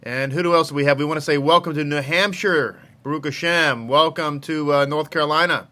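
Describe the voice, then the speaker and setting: A man's voice: a little high, a little fast, bright, forceful tone. A man with a Texan accent, a rabbi casually greeting livestream viewers with joking asides. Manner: chatty, joking, calls out viewers.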